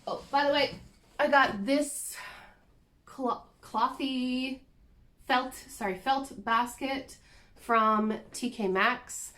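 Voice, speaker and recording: Unhurried woman chatting about crafts. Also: sits high, sharp tone, a little hiss or hum. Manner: chatty, self-deprecating, giggly asides. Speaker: cross-stitch vlogger. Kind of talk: casual show-and-tell chat.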